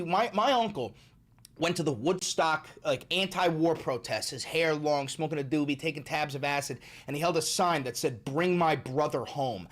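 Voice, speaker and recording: A man with a fairly high, slightly bright voice livestreams, chatting casually with his chat. He swears often and repeats himself for emphasis.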